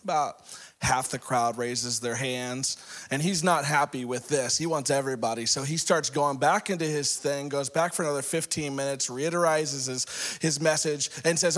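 A man preaching a sermon as pastor, hoarse with a worn-out voice, telling jokey stories and laughing often. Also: fairly high pitch, brisk. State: hoarse, voice shot.

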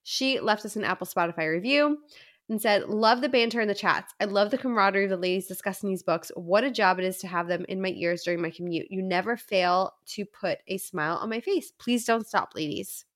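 A woman's voice: mid-range voice, fairly quick. A woman co-hosting a casual book podcast, chatting animatedly and reading listener messages aloud. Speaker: podcast co-host.

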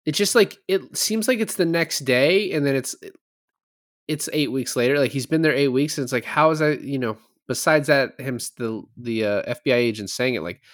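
In a medium-pitched, fairly bright voice, a young man co-hosting a podcast chats casually about a movie, rambling with plenty of fillers and restarts. The sound is clean studio quality and dry.

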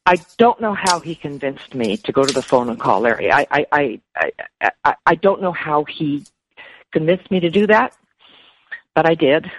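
A woman speaking as an interview guest, emotional and halting, often repeating words. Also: deep voice, expressive. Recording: dull lo-fi dry sound.

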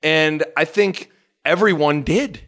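A man co-hosting a podcast, excitable, chatting casually about sports. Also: fairly high pitch, slow. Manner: excitable, laughs often, mimics radio calls. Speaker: podcast co-host.

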